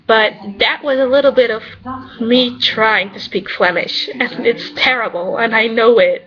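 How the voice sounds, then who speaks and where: A woman's voice: on the high side, steady tone, unhurried, dull audio. A woman from the Netherlands with a Dutch accent, chatting casually and rambling with lots of fillers as she answers viewer questions. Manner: chatty and rambling, many "you know" fillers. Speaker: vlogger answering questions about her character. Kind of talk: casual chat.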